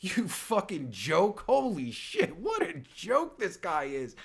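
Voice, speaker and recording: Man, high lively voice, gravelly, sarcastic stammering livestream rant. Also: takes it slowly, crowd noise. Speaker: podcast host reacting to a clip.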